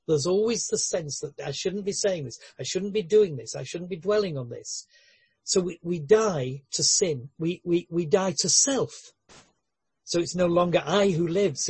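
Husky-voiced man preaching a sermon. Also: a little high, a little mellow, no room sound. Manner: earnest, with light humorous asides; frequent word repetitions and restarts.

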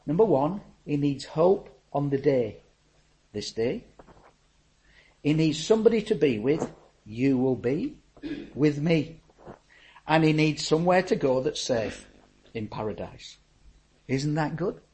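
An older man preaching a sermon in a fairly high voice. He is animated and folksy, rising to loud exclamations, then dropping to near-whispers. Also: measured pace, pauses often, a little hiss or hum, poor audio. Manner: animated, swings from loud to hushed. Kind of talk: sermon with personal stories.

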